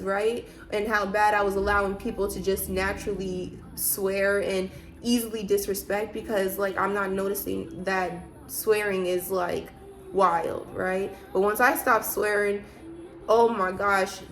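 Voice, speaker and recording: A woman talks straight to camera about faith in a loose, chatty way, leaning on fillers. Her voice sits at an ordinary middle pitch. She drives her points home with emphatic, preachy rhetorical questions. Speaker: vlogger. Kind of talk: casual faith talk to camera.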